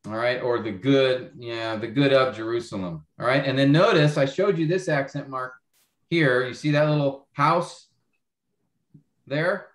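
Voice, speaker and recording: A man's voice: mid-range voice, a little slow, roomy sound. A man teaching a Bible class over a video call, explaining step by step and often checking that students follow. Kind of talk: online class lecture.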